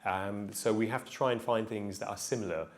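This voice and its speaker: Chatty man giving a talk, low voice. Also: steady tone, fairly quick. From England. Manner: chatty, anecdotal, with frequent ums. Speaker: presenter. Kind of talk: public talk. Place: festival venue before an audience.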